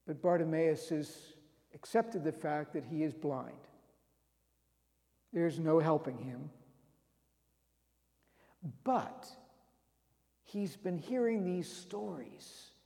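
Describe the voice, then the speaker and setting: A man preaching a dramatic sermon, retelling a story with swings between loud and hushed delivery. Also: fairly high pitch, expressive, slow, vocal fry, long pauses. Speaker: pastor. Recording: long reverb of a large hall.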